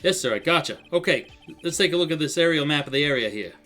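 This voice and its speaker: A man's voice: fairly high pitch, lively intonation, fast talker, sharp tone, faint music behind, voice pushed up. A dutiful police detective from a courtroom game, read by a man in his own everyday voice. He answers in a deferential, businesslike way and keeps adding "sir" to the end of his statements. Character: dutiful male police detective giving testimony.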